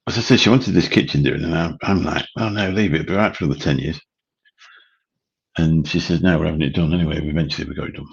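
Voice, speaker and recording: Man, late 50s, livestream host; husky, very deep, chatty and rambling. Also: fast, dull audio. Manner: rambling, chatty, swears casually. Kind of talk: late-night livestream chat. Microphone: studio mic through a mixer.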